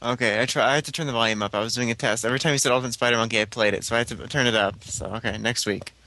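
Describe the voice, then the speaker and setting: Man firing off quick dry quips. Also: medium pitch, steady tone, bright, forceful tone, slight background noise. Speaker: co-host. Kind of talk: casual chat.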